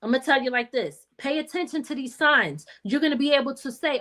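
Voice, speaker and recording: Middle-aged woman, high voice, chatty host, folksy asides. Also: animated, brisk, few pauses, fairly bright tone. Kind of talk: casual chat.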